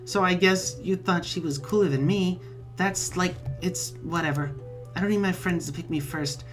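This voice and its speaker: A man's voice: sits high, normal speed, soft background music, lightly acted. A man voicing a lonely, eager young male bee troll with a buzzy voice who apologizes and pities himself. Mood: sulky. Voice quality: buzzy accent. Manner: eager, apologetic, self-pitying.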